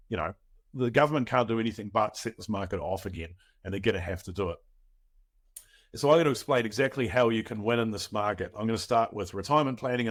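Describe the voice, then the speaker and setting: Chatty New man, lowish voice. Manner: chatty and promotional, with filler words. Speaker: property coach hosting a webinar. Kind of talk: casual webinar pitch.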